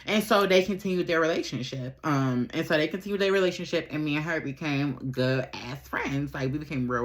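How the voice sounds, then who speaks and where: Low-voiced woman, rambling storytime. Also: fairly quick, hardly any pauses. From Buffalo, New York. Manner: rambling, slangy, repeats herself. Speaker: vlogger. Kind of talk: casual storytime while getting ready.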